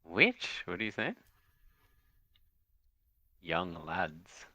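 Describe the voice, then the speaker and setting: A man's voice: low voice, sing-song, drawn-out words, sharp tone, no echo. A man chatting casually on a trading stream, making dry, laid-back remarks. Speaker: co-trader on the stream. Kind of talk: casual chat.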